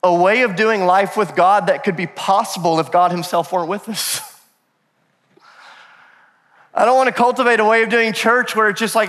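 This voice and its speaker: A male pastor in his thirties preaching a sermon, telling stories in an animated way with self-deprecating humor. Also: high voice, moderate pace, pauses often. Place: church sanctuary. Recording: long church hall reverb.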